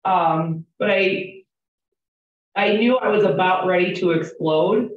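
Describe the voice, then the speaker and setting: A woman's voice: lowish voice, slow pace. Woman teaching a class from afar. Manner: chatty, candid, asks the class questions. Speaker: real estate trainer. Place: training room with a group. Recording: roomy, distant, dull classroom recording.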